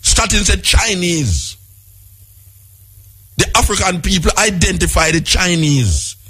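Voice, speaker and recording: A man's voice: high voice, animated, measured pace, a bit bright, husky. A middle-aged man with a Jamaican accent, delivering an impassioned radio talk monologue as host, firing off repeated rhetorical questions and lists.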